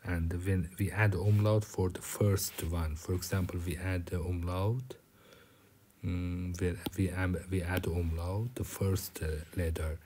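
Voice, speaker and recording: A man's voice: low-pitched, steady tone, measured pace, a little mellow, slight background noise. A man whose first language is Persian, teaching German vocabulary in English, with many fillers and restarts. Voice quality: drops to a whisper at times. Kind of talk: recorded German lecture.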